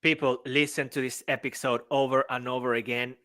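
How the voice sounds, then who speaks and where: A man's voice: mid-range voice, flat delivery, a little fast, pushed and bright, no echo. A man co-hosting a podcast, effusive and enthusiastic in casual chat. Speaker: podcast co-host.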